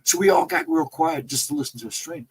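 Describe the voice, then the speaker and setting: On a live stream, a guest storyteller with a somewhat high, slightly rough voice talks fast through a ghost story from a camping trip. His telling is loose and rambling, full of repetition and "I mean" and "you know." The recording is rough.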